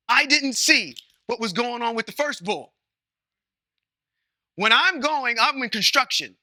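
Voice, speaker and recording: Male Bible study teacher, high and sharp-toned, chatty and folksy, keeps checking in with the class. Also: expressive, unhurried, dry recording, studio quality. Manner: conversational, asks the class questions, checks in with "Okay?"; uses folksy everyday comparisons. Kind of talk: informal scripture teaching.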